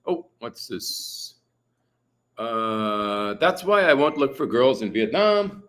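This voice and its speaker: His medium-pitched voice is sing-song and a bit bright, moving at a slow pace. As a livestream host from British Columbia, Canada, he chats casually through viewer comments, rambling with frequent "you know"s and "uh"s in a hot room at home where a fan runs.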